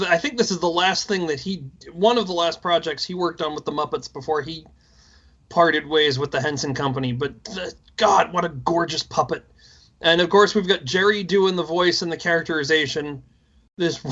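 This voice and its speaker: A man's voice: on the high side, pushed and bright, lo-fi sound. A man co-hosting a podcast, chatting enthusiastically and rambling about a film he loves. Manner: enthusiastic, rambling, self-deprecating. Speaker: podcast co-host. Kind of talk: casual movie commentary chat.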